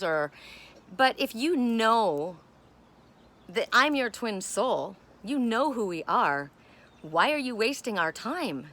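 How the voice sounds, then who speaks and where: A woman chatting casually on her home deck, expressive and talking to her pets between thoughts. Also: mid-range voice, a little slow. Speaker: spiritual vlogger. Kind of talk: casual chat.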